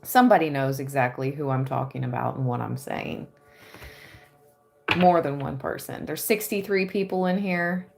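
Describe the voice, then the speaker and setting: A woman giving a tarot reading on a livestream, dreamy and excitable, often breaking into giggles. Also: sits low, moderate pace, creaky, faint music behind. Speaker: tarot reader.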